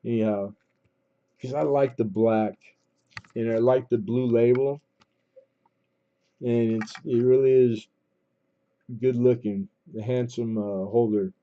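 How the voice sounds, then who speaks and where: Speaking slowly and pausing often, this man has a medium pitch and fairly even intonation. He's from Southern California and runs a coin auction livestream, rambling loosely with lots of fillers and restarts while announcing final bids, all over dull lo-fi stream audio.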